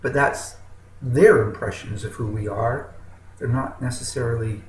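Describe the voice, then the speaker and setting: A man telling a fable with a moral as a motivational storyteller, slow and dramatic, with big swings in emphasis. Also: medium pitch, roomy sound, a little hiss or hum, rough recording.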